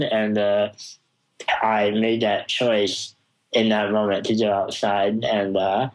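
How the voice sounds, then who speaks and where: Slow-spoken young man telling a story. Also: lowish voice, little pitch movement, low-quality recording. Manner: slow, thoughtful, with frequent ums. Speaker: interview guest. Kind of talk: conversational storytelling.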